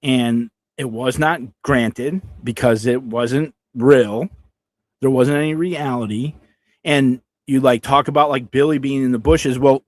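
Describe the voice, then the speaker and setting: A man's voice: medium pitch, steady tone, unhurried. A man ranting heatedly at a rival on a livestream, profane and sarcastic, repeating himself. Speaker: vlogger addressing a rival. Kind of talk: angry livestream rant.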